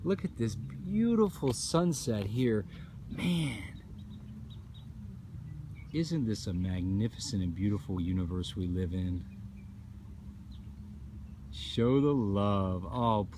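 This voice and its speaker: A man's voice: lowish voice, mellow, a little hiss or hum. A man hosting a casual live stream outdoors at sunset, effusive and upbeat, thanking viewers by name. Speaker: livestream host. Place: outdoors at a nature preserve at sunset.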